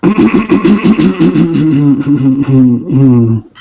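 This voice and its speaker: A man's voice: on the high side, lively intonation, drawn-out words, gravelly, warm tone, slightly rough, soft background music. Playful male game master, dull lo-fi sound. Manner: playful, stumbling over words. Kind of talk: casual chat and reading an adventure aloud.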